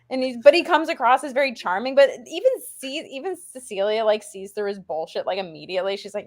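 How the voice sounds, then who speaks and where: A woman talking casually on a podcast about a film, blunt and animated, swearing freely. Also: on the high side, a little fast. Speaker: podcast co-host reviewing a film.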